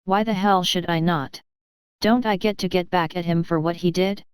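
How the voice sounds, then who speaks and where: A man's voice: high voice, steady tone, normal speed, smooth, no echo, lightly acted. A woman voicing a hot-tempered, possessive young man who talks in an angry, confrontational way, read aloud in an audiobook.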